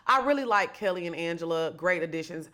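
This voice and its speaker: Bright-voiced sassy woman podcast host. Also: lowish voice, expressive, fast talker. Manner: chatty, sassy, addresses listeners directly. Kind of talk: solo reality-TV gossip commentary.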